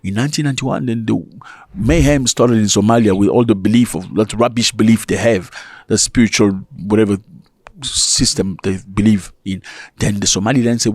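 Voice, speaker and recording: A man giving casual opinion commentary to his viewers, animated and full of rhetorical questions and chuckling asides. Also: on the low side, brisk, no room sound.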